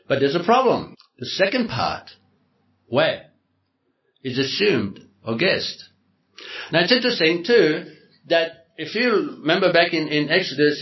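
Sermon preacher, male, pitch slightly high, deliberate explainer, roomy lo-fi hall recording. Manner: explanatory, deliberate, repeats words. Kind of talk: sermon teaching to a congregation. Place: hall with a congregation. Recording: echoey hall, dull lo-fi sound.

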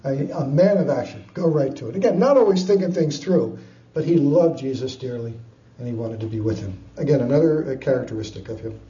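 A man preaching a sermon, retelling scripture with lively storytelling, chuckles and frequent fillers. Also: mid-range voice, brisk. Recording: distant, dull, echoey room.

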